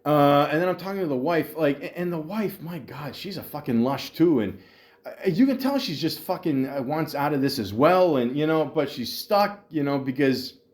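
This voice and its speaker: A man's voice: a little high, expressive, moderate pace, darkish tone. A man hosting a podcast, telling a long profane story in a rambling way, with many restarts and mocking voices. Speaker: podcast host. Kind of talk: ranting storytelling.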